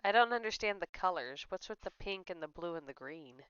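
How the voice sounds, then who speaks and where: Gamer lady talking through her playthrough, smooth clear voice, dull dry mic. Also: fairly low pitch, animated, fairly quick, fairly bright tone, no echo. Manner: chatty, giggly, reads instructions aloud. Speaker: game streamer. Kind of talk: let's play commentary.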